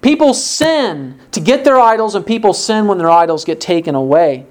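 A man preaching a sermon, reading scripture aloud and asking rhetorical questions, his pitch jumping up for emphasis. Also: expressive, normal speed, a little mellow. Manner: pitch rises sharply for emphasis.

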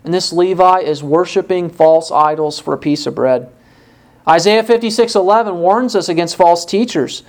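A woman preaching an expository sermon, asking her listeners rhetorical questions and pausing for emphasis. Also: fairly low pitch, darkish tone.

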